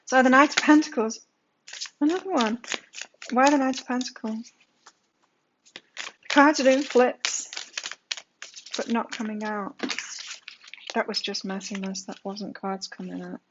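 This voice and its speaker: A woman's voice: a little high, a little slow, long pauses, background noise. A woman giving a daily tarot energy reading, talking emphatically with lots of rhetorical questions. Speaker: tarot reader. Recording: slightly dull lo-fi sound.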